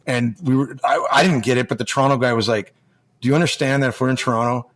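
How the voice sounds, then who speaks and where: A man's voice: medium pitch, fairly even intonation, quick pace, fairly bright tone. An American man, a former hockey player, telling long stories in a rambling way, with many restarts and acted-out quotes. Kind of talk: casual storytelling.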